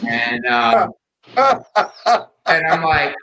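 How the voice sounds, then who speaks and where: Slowly and with vocal fry, a man recalls his late friend in casual podcast storytelling, emotional and near tears, with frequent fillers and restarts. The voice is high-pitched, animated, bright and forceful, in a roomy space with poor audio.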